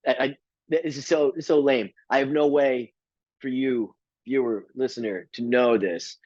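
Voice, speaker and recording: A man's voice: medium pitch, a little mellow, dry recording. A male comedian hosts a podcast, telling a story in a casual, rambling way. He stumbles into restarts and swears freely. The sound is dry and a little muffled. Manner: rambling, stammering restarts, profane.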